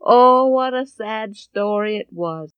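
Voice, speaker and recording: A woman telling a Bible story in an expressive way, swinging between loud and hushed. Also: medium pitch, takes it slowly, smooth, no room sound, dull audio.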